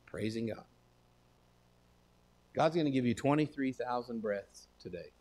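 A man's voice: medium pitch, expressive, a little slow, a little mellow. A man with a Texan accent preaching a sermon in a folksy, conversational way that swells into emphatic declarations. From Texas. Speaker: pastor.

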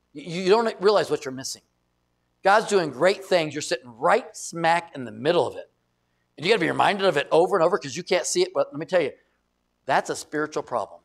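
A middle-aged male pastor preaching a sermon, telling stories with loud emphasis and quiet asides. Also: a little high, brisk, vocal fry. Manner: animated storytelling, shifts between loud emphasis and quiet asides.

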